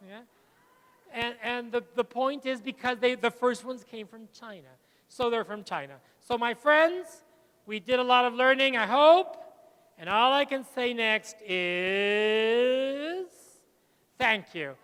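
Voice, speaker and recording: A middle-aged man, giving a lively plenary talk to teachers and telling anecdotes. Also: extremely high pitch, slow pace, clear, resonant tone. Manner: lively, switches between English and Spanish, tells anecdotes. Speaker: conference speaker. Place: large lecture hall. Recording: long hall reverb.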